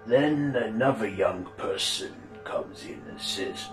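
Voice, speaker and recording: Slow, low-voiced male storyteller. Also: reverberant, over music. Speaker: narrator. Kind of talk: amateur story narration.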